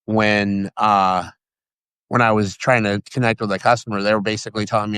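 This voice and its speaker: A man from Sacramento, California, chatting as a guest, telling stories in an excitable, rambling way with frequent restarts. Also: on the low side, fairly quick, clean tone, no room sound. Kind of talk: casual chat.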